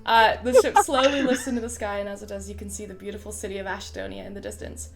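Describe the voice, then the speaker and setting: A woman's voice: mid-range voice, fairly even intonation, fast talker, gravelly, over music. A woman narrating as game master in a casual, swearing, laughing tone.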